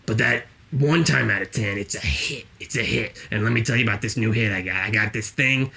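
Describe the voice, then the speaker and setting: A man's voice: on the low side, brisk, vocal fry, bright, forceful tone. A man playing a boastful, rambling jobless guy with a put-on accent, spinning tall tales in an improvised comedy interview.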